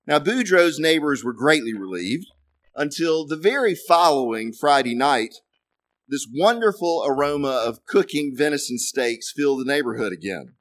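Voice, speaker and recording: A man's voice: fairly high pitch, lively intonation, normal speed, fairly bright tone. A man preaching to a congregation, telling a joke with dry, self-deprecating asides. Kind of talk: storytelling a joke in a sermon.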